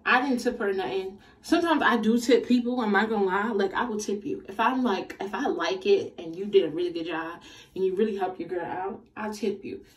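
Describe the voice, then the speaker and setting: A woman's voice: mid-range voice, fairly quick, far from the mic. Exasperated young woman venting a storytime. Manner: animated, slangy, exasperated retelling. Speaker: vlogger. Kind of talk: casual storytime chat.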